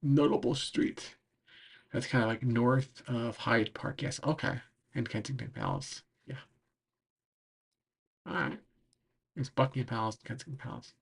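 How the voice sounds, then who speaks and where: A man rambles through a casual travel recap as a streamer, his voice slipping away as he talks. The tone is rough and breathy, with a gravelly catch at the bottom. He leans on "like" and "um" throughout. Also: mid-range voice, sing-song, moderate pace, long pauses, fairly bright tone. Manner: rambling, full of "like" and "um". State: losing his voice. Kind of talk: casual recap while browsing a map.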